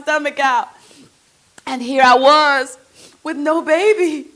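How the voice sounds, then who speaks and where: Slow, high-voiced woman in a stage monologue. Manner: emotional, swinging from hushed to shouting. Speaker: stage performer in a one-woman show. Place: theatre stage.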